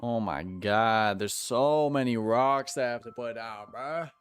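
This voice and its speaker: A man's voice: medium pitch, slow pace, clear, resonant tone, soft background music. A man streaming while he plays a game, chatting casually with his viewers in a joking, slangy way. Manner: joking, slangy, talks to chat. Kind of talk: casual live-stream chat while gaming.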